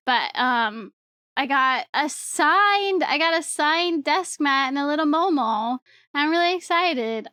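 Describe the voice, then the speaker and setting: A young woman streamer telling a story to her chat in a rambling, excitable way, swearing casually and laughing often. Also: sits high, dry recording, studio quality.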